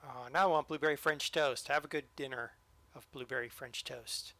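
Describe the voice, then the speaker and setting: A man's voice: mid-range voice, steady tone, moderate pace, pushed and bright. A man streaming a train simulator live, joking and chatting to the game as he drives. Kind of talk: live-stream gameplay commentary.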